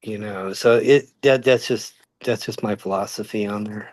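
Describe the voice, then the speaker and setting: A man speaks as an interview guest, choosing his words in a measured way. He often pauses on ums and you-knows. His voice is mid-pitched and recorded dry and close, with no room sound. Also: steady tone, darkish tone, no echo. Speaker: sports journalist guest. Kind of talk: casual interview talk.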